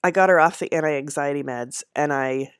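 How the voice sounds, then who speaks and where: A woman's voice: sits low, normal speed, clean tone, no echo, studio quality. A woman who knits by hand, casually telling a personal story in a rambling way, with fillers, self-corrections and frequent laughter. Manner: amused, laughs often. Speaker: handknitter.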